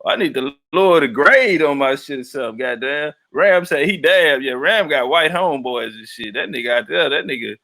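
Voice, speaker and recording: Male livestream host, profane rambler, reads the chat aloud, high and bright. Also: lively intonation, moderate pace, gravelly, few pauses.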